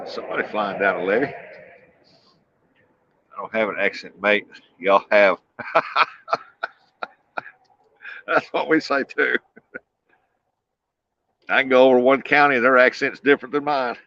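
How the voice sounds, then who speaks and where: Fishing outdoors beside a flooded river levee, a man hosts a livestream and chats easily with viewers, folksy and laid-back, chuckling often. His mid-range voice moves a little slowly with frequent pauses. The recording is dry and dull lo-fi.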